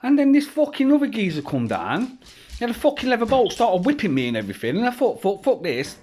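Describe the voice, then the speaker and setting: A man's voice: sits high, huge pitch swings, fast talker, a little mellow. A man, telling a personal story at home in a rambling, swearing, casual way. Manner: rambling, heavy swearing, frequent restarts. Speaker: vlogger. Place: at home with children around.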